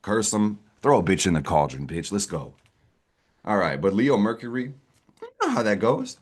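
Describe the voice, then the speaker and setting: A man with a deep, low-pitched voice runs an astrology vlog in a casual, unscripted way. He is brash and slangy, curses often, and keeps hyping up his audience. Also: very animated, normal speed. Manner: brash, profane, slangy and hyped. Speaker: astrology content creator.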